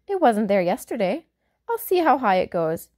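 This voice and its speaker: A woman's voice: very animated, moderate pace. An eager little boy, as a woman puts him on, pipes up in a raised, cheerful voice. He sounds polite and curious, and the dry, close reading has no room echo. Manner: bright, eager, higher-pitched delivery.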